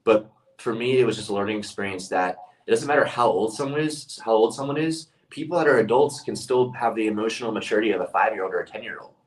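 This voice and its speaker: Man with a lowish voice, leadership speaker, earnest storyteller, mic set a little away from him. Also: quick pace, far from the mic, poor audio. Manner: earnest storytelling, restarts phrases. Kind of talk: casual monologue.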